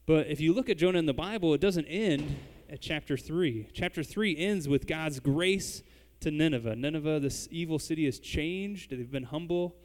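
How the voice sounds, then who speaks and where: Man, preacher, sermon, slightly high voice, long hall reverb. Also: normal speed, few pauses, darkish tone. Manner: conversational, addresses the congregation directly. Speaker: pastor.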